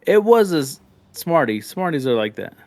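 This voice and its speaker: A man's voice: fairly high pitch, sing-song, moderate pace, darkish tone. A man narrating a live tabletop game as game master, in a loose, rambling, joking way.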